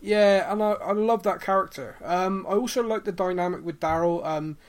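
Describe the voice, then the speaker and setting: Man, podcast co-host, casual chat, fillers, voice a bit high. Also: normal speed. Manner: chatty, lots of ums, acts out quoted lines. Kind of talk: casual chat reviewing a TV episode.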